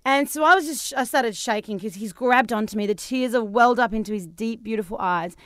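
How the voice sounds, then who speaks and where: Australian woman, thirties, podcast co-host, rapid animated storyteller, smooth dry studio voice. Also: on the high side, dry recording. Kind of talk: casual chat.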